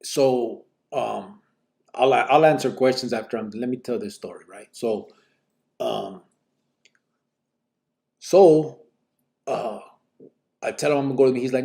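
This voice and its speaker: A middle-aged man, telling his own story to a live audience in relaxed street slang and quoting others in a raised voice. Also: medium pitch, moderate pace, creaky, long pauses. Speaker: channel host telling his life story.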